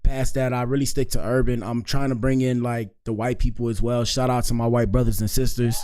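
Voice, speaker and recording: Speaking a little fast in a level, mid-range tone with a touch of mellowness, this live-stream commentator keeps things loose and slangy. "Bro" and "dog" pop up in nearly every line.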